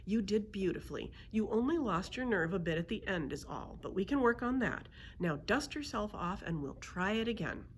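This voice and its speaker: A woman's voice: medium pitch, lively intonation, moderate pace, hardly any pauses, slight background noise, lightly acted. A woman voicing a kindly grandmother who gives patient, encouraging instructions.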